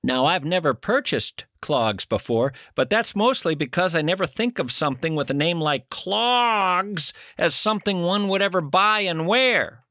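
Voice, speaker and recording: Host, middle-aged male, wry deadpan monologue, bright edgy tone, occasional bursts. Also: sits high, unhurried, hardly any pauses, dry recording, studio quality. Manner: wry, deadpan musing with sudden loud outbursts. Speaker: radio host. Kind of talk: comic monologue.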